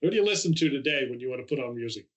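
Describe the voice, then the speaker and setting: A man's voice: medium pitch, animated, very fast, a bit bright. A man hosting a podcast, asking questions and reacting with short, encouraging remarks. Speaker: podcast host. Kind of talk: interviewer, casual chat.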